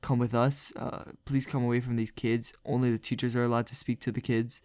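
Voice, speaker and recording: A man voicing a calm police officer who gives polite, firm instructions. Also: mid-range voice, fairly quick, dry recording, close to an everyday voice. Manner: polite and procedural.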